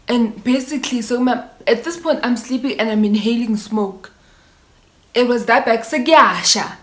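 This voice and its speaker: A young woman with a South African accent tells a story in a loose, animated way, slipping Zulu words into her English. Her voice sits a little high. The sound has the echo of a bare room. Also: moderate pace. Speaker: vlogger. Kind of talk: casual storytime. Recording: echoey room.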